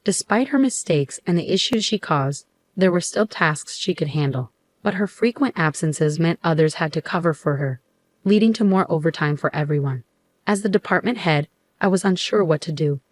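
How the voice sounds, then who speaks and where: Middle-aged woman, first-person storyteller, steady, low pitch, dry recording. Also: normal speed, dry recording. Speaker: narrator.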